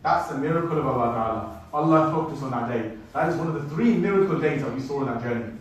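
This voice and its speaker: A man telling a travel story to an audience in an animated way, speaking to them directly. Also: medium pitch, fast talker. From United Kingdom. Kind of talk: storytelling talk. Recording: echoey hall, mic at a distance.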